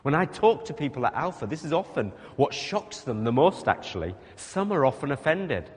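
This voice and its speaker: A man preaches with an animated, swooping voice, leaning hard on his points and asking the congregation questions. His words ring out with the long reverb of a large hall. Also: on the high side, moderate pace. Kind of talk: sermon.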